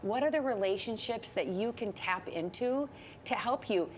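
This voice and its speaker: A woman's voice: on the high side, moderate pace, a little hiss or hum. A woman in her fifties from Minnesota, a guest author on a TV interview, coaching listeners emphatically with rhetorical questions. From Minnesota, USA. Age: 50s. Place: TV studio.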